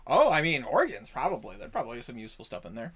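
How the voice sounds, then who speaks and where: A lively game master running a tabletop session over voice chat. The voice is bright and swings up and down a lot. Speech is rambling, with restarts and frequent laughs. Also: medium pitch, very fast, slightly rough.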